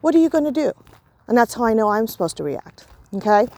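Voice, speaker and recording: A woman teaching about parenting and emotions gives an informal spoken lesson, explaining through examples and acting out soothing talk to a child. Her fairly high voice is warm and sing-song, she speaks fast, and her talk is full of "you know" and "right."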